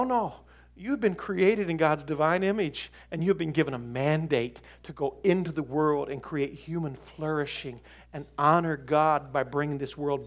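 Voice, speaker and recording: A middle-aged man preaching a sermon to a live audience, emphatic and animated, with folksy joking asides. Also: fairly high pitch.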